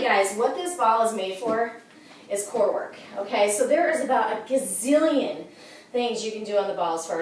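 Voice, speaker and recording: Out of breath, a woman fitness instructor demonstrates exercises at home, upbeat and coaching, often saying "okay?" and "you guys." Her voice is on the high side, recorded from far off in an echoey room with a little hiss or hum.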